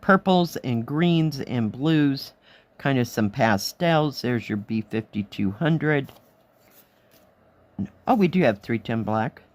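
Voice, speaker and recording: A woman with a hoarse, fading voice, chatting casually through a craft kit review, admiring the pieces and counting aloud as she goes. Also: a bass voice, lively intonation, slow, a little mellow. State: hoarse, losing her voice. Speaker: cross-stitch vlogger.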